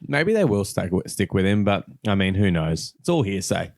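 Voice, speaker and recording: A man with a fairly low voice hosts a casual football podcast. He jokes around and swears now and then. The recording is close and dry. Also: sing-song, moderate pace, gravelly, darkish tone, no echo. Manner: jokey, leads the segments. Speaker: podcast co-host. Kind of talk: casual chat.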